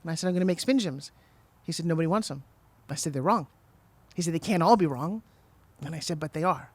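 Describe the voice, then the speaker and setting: A middle-aged woman talks very quickly as a guest on a podcast. She tells her story with energy and acts out the voices of the people in it. Her voice sounds close and dry. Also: deep voice, slightly rough, no echo. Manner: fast, animated storyteller who acts out quotes. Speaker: guest, TV pitch saleswoman.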